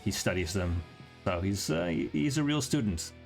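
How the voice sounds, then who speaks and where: A man's voice: fairly low pitch, expressive, normal speed, creaky, a little mellow, faint music behind. A man co-hosting a game league stream, talking casually and rambling with frequent self-corrections. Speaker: league organizer and co-host.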